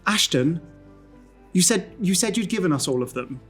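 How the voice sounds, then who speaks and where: A man voicing a brisk, motherly woman who runs a theatre, giving soft, quick instructions. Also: sits high, animated, slightly rough, faint music behind, pitched above the performer's own voice, full character voice. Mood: fussing.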